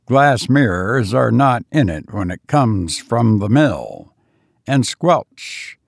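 A menacing ironworks master, read by a man in a slow, gravelly voice, pointing out his furnaces with a gloating, wide-ranging lilt. He dwells on every word, his tone dropping low and grim as he talks on. A dry, close recording. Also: very animated, dry recording, heavily acted. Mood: grimly eager. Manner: loquacious, showing off with grim relish.

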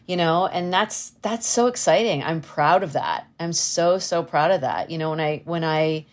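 Woman, podcast guest, enthusiastic, lots of fillers, lower voice. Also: moderate pace. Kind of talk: casual chat.

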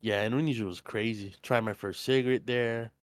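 A young man telling a casual, profanity-filled story on a podcast, quoting people in animated voices. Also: medium pitch, a little fast, crowd noise. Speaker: podcast co-host. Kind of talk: casual chat.

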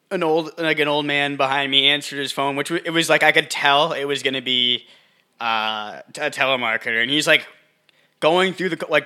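A man's voice: medium pitch, sharp tone. A young man co-hosting a podcast, chatting casually and tossing in dry joking asides. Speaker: podcast co-host. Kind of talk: casual banter.

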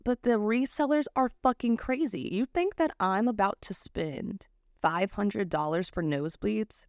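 A woman's voice: medium pitch, measured pace, darkish tone, no echo, clean studio sound. A young woman in her twenties hosting a casual podcast, ranting with heavy swearing and a constant run of "like" fillers. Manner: ranting, profane, lots of "like" fillers. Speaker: podcast host. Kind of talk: casual chat.

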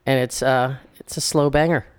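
A man's voice: medium pitch, fairly even intonation, normal speed, clear, resonant tone. A young man co-hosting a podcast in casual chat, rambling, restarting sentences and laughing often. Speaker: podcast co-host.

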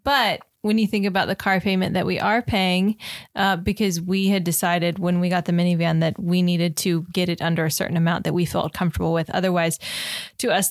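A woman's voice: fairly low pitch, dry recording, clean studio sound. A woman co-hosting a casual podcast with her husband, laughing often and explaining money choices in a practical way. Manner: laughs often, talks things through with practical reasoning. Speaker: podcast co-host. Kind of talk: casual chat.

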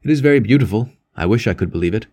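A man's voice: fairly low pitch, animated, rapid-fire, a little mellow. A man reading as a sullen priest who lost faith. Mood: sorrowful.

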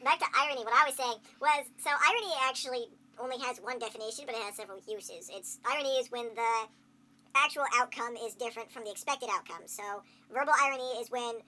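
A woman's voice: a little high, quick pace, bright, forceful tone. A woman co-hosting a podcast in casual chat, explaining things at length and laughing often. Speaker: podcast co-host. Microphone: podcast mic on a shared recording track.

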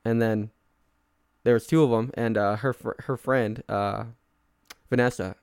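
A man's voice: mid-range voice, steady tone, a little slow, darkish tone, smooth, dry recording, clean studio sound. A young man chatting casually on a podcast, rambling and self-mocking, laughing often. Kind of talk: casual chat.

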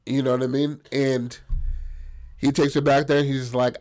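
A man's voice: medium pitch, little pitch movement, moderate pace, a little mellow. Profane rambling storyteller man. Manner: rambling, profane, peppered with "bro" and "right?". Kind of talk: crude improvised comic storytelling.

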